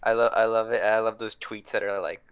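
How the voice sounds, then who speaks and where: A man hosts a casual podcast chat and asks long, rambling questions that he keeps restarting. His voice sits a little low. The sound is dry and close. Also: level tone, a little fast, smooth, no room sound, muffled recording. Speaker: podcast host.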